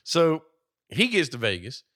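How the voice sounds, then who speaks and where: A man's voice: fairly high pitch, wildly swooping pitch, unhurried, fairly bright tone. A man co-hosting a casual movie chat, swearing, joking and often laughing while acting out silly lines. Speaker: podcast co-host.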